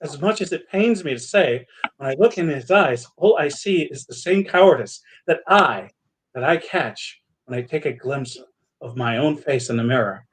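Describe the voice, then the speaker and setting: A man voicing a gloomy male ship doctor doing a stand-up routine in a tabletop game, with a halting, confessional delivery. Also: fairly high pitch, expressive, husky, low-quality recording. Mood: brooding.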